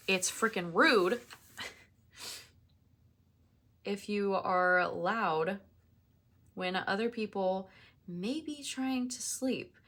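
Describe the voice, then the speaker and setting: Young woman planner vlogger, bright and lively, unhurried, chatty with ranting asides. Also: medium pitch. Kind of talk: casual chat while crafting. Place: apartment.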